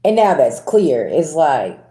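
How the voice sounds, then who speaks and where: A woman's voice: low voice, warm tone, roomy sound. A woman giving a casual tarot reading to her viewers, talking bluntly with sass, slang and swearing. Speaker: tarot reader.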